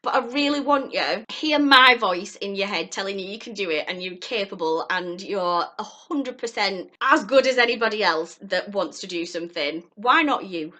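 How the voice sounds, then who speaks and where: Bright-voiced woman vlogging earnestly. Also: mid-range voice, animated, normal speed, few pauses. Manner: earnest, heartfelt, rambling. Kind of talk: encouraging vlog talk to camera.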